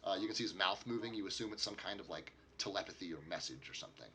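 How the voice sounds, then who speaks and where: A man's voice: low-pitched, racing, sharp tone. A man narrating as a game master in a casual, rambling way, with many fillers.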